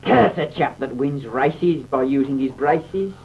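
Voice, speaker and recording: A man's voice: medium pitch, measured pace, vocal fry, recorded from a distance. A man voicing a sneering moustached male villain who mutters theatrically, on a dull, slightly noisy old recording.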